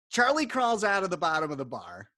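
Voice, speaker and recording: A man's voice: sits high, pushed and bright, no echo. A man co-hosting a casual podcast, recapping an episode, laughing often and swearing casually. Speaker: podcast co-host. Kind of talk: casual chat.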